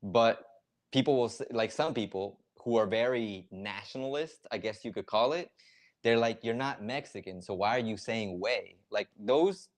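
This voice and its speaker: A man hosting a casual live reaction stream, explaining slang in a loose, filler-heavy way. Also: mid-range voice. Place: lives in Ecuador.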